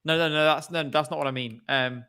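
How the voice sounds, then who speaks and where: A man's voice: a little high, fairly even intonation, brisk, bright, forceful tone, smooth. A man co-hosting a casual podcast chat over a video call, rambling and hesitant with many fillers. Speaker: co-host.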